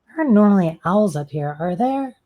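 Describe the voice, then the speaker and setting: A woman's voice: mid-range voice, lively intonation, brisk, muffled recording. A woman playing a tabletop game, chatting casually in character and out of character. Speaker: player.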